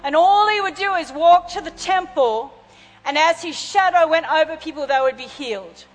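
Female pastor, high voice, fervent sermon, long hall reverb. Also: lively intonation, moderate pace. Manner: fervent, calls out to congregation.

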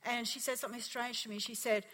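An Australian woman pastor giving an animated sermon testimony, acting out the people in her story. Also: fairly high pitch, quick pace. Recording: long hall reverb.

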